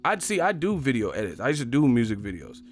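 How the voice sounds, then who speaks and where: A man on a profane, animated comedic rant, laughing often as he talks. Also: mid-range voice, fast, faint music behind.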